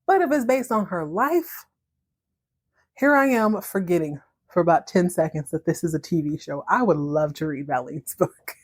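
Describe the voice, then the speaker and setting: A woman hosting a podcast, recapping a story in a chatty, animated way and laughing often. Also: lowish voice, moderate pace, breathy edge. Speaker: podcast host.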